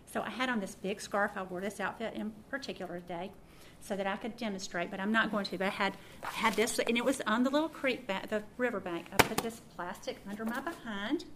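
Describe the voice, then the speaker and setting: A middle-aged woman giving an informal sermon, telling a story and acting out her own thoughts with lively swings of voice. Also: medium pitch, fairly quick, background noise. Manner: animated, acts out her own thoughts and laughs. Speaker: speaker teaching a prayer practice.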